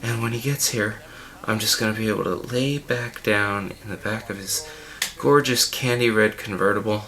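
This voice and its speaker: A man's voice: lowish voice, steady tone, moderate pace, hardly any pauses, sharp tone. A man playing an unwell, pompous male art-film director who rambles and panics in an improvised comedy commentary track. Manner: rambling, self-important, panicky. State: unwell and dizzy.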